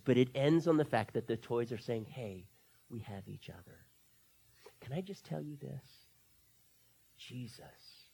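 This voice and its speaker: A husky male pastor preaching a sermon in a church. His voice turns intimate and hushed, then jumps up loud and eager, with a slightly breathy edge throughout. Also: medium pitch. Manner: swings between soft near-whispers and loud excited bursts. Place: church sanctuary.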